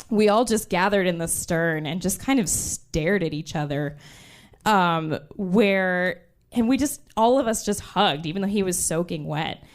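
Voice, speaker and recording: A woman in her twenties telling a true story on stage, animated and laughing as she goes. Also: mid-range voice. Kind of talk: live storytelling.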